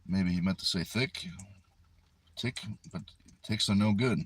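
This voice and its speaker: Deep-voiced man chatting on a car livestream. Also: moderate pace. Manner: easygoing, chatty, reads comments aloud and answers them. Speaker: livestream host. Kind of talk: casual live chat reading viewer comments. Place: inside a parked car. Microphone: phone resting on the steering wheel.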